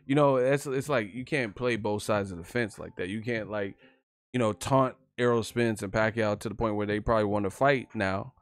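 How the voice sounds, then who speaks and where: A man's voice: fairly low pitch, normal speed, no echo, studio quality. A young man giving casual, profane live-stream boxing commentary, joking and laughing loosely.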